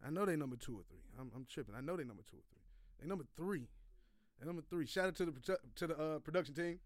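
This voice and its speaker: This man's voice sits fairly high, and he's animated and rapid-fire as he hosts a sports podcast. It's a casual monologue of sports talk, a profane, slangy, loose rant that keeps circling back to the same phrases. There's no echo, and the sound is studio grade.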